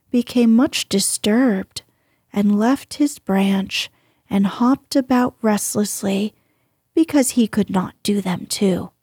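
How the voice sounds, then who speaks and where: A woman narrating a storybook in a soft, gentle way, often breathy. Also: a little high, no room sound, clean studio sound.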